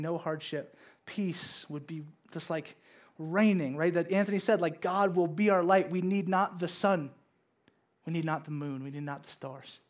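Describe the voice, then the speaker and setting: A man in his thirties preaching a casual sermon to a congregation, playfully acting out his kids and God in raised voices. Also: on the high side. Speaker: pastor. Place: church service with congregation.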